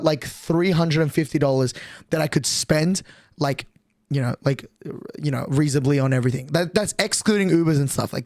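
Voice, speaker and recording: A young man streamer telling a long story in a rambling, animated way, full of swearing. His voice is a little higher than most men's. The sound is dry and close. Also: no echo. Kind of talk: casual storytelling on a livestream.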